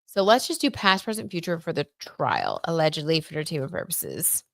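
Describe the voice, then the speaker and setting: Chatty, excitable woman reading tarot live. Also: sits low, a little fast, gravelly, no echo. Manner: chatty and excitable, reads viewer comments aloud, gasps and many "like"s. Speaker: tarot reader hosting a live stream.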